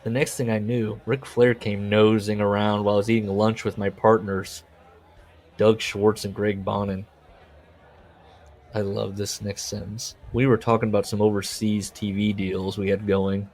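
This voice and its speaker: Casting: male podcast co-host, lowish voice, casual chat, reads quotes with wry asides. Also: flat delivery, moderate pace, a little mellow. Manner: reads book passages aloud with jokey asides. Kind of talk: casual book-club chat.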